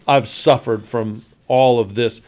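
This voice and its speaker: A man's voice: mid-range voice, fairly even intonation, slow pace, darkish tone. A man pastor hosting a Bible study podcast, talking emphatically and reading scripture aloud with feeling.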